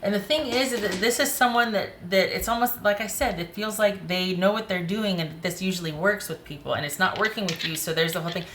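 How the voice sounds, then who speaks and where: A woman giving a casual tarot reading to camera, animated and opinionated, speaking straight to the viewer. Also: mid-range voice, a little fast, hardly any pauses, a little hiss or hum. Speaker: tarot reader.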